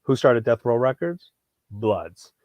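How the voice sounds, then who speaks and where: A man's voice: mid-range voice, takes it slowly, no room sound, dull audio. Rambling profane man telling a story. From Hollywood, California. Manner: rambling, animated, profane, many restarts. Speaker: knife collector vlogger. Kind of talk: casual storytelling.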